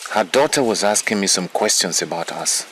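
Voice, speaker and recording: A downcast young palace servant. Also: male voice, low voice, expressive, moderate pace, background noise. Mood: plaintive. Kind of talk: Nollywood film acting.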